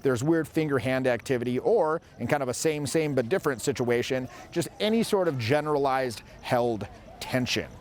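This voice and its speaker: A man's voice: mid-range voice, animated, moderate pace, darkish tone, slight background noise. A man in his forties, a social skills coach, giving an emphatic instructional monologue and demonstrating vocal tones as he speaks.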